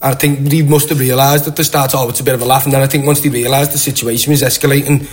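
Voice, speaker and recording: A man's voice: medium pitch, fast. Man, young adult, Scouse accent, guest, chatty storyteller, does voices for people in the story. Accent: Liverpool. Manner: rambling, animated anecdote with quoted voices. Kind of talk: casual storytelling.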